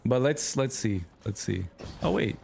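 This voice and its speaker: A man with a New York accent chatting casually to his livestream chat while gaming, relaxed and slangy. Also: mid-range voice, measured pace, creaky, faint music behind. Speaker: streamer.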